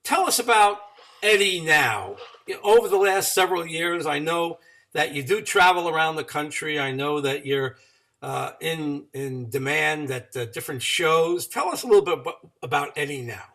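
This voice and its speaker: A man's voice: on the high side, normal speed, sharp tone, recorded from a distance. A man hosting a podcast, asking encouraging, prompting questions of his guest. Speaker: podcast host. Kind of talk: interviewing.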